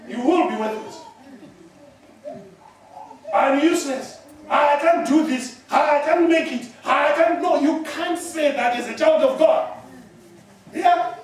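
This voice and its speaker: A man from Zimbabwe delivers a sermon in an unusually high voice, rising into shouts and breaking into laughter as he checks in with listeners. The sound rings through a very reverberant church hall, picked up from some distance away. His style is emphatic and lively. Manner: emphatic, often shouting, with laughter and repeated "yeah?". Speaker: preacher.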